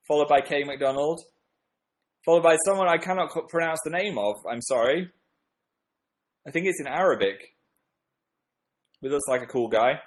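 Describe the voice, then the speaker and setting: A man's voice: on the high side, poor audio. A young man hosting a casual livestream, reading viewer comments in a playful, self-deprecating, rambling way. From northern England. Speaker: livestream host.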